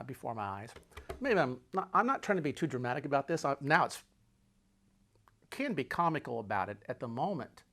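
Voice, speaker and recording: A man with a slightly higher voice recounts a tense story from the road. He builds suspense by repeating phrases, then drops into quiet, breathy asides. His telling is dramatic and personal. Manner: dramatic, swings between loud urgency and hushed low tones. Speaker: podcast host telling a travel story.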